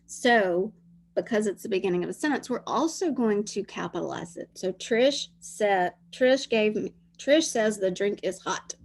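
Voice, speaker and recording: A woman's voice: mid-range voice, animated, normal speed. A woman teacher leading young children through a dictation lesson, sounding out words and spelling them letter by letter.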